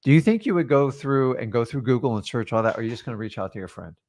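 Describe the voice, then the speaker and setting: A man's voice: mid-range voice, lively intonation, quick pace, darkish tone, dry recording. Emphatic motivational male coach. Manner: emphatic and preachy, punchy short lines and rhetorical questions. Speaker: co-host of a real estate wholesaling training.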